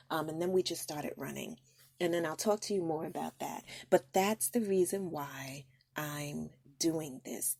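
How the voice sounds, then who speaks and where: A woman's voice: low voice, gravelly, dark tone, husky, no room sound. A woman podcast host telling a personal story in an earnest, heartfelt way, with frequent ums.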